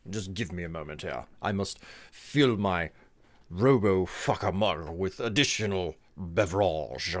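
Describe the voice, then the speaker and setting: A low-voiced man streaming a game and chatting with viewers in a hammy put-on British accent that keeps drifting toward Australian. His pitch swings widely as he hams it up and laughs at himself. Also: animated, takes it slowly. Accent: put-on mock British, drifting toward Australian. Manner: hammy, theatrical, self-mocking; laughs often while reading chat. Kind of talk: live gameplay stream, chatting with chat.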